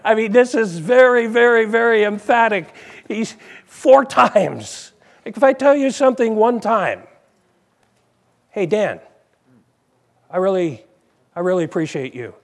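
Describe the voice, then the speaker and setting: A man's voice: high voice, animated, measured pace, pauses often. A married man preaching a sermon in a conversational way, repeating phrases and putting questions to the congregation.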